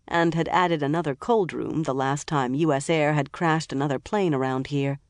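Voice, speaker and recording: An audiobook narrator reads a crime novel from a script, telling the story in an even, measured way. The voice sits at medium pitch, and the studio recording is clean, with no room sound.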